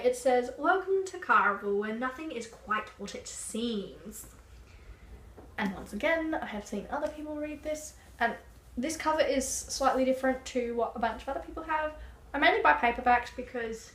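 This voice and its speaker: A woman's voice: high-pitched, fairly bright tone. Chatty Australian young woman, echoey room. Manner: chatty, rambling, with frequent "like" and laughs. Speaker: book vlogger. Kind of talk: casual chat. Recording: echoey room, faint background noise.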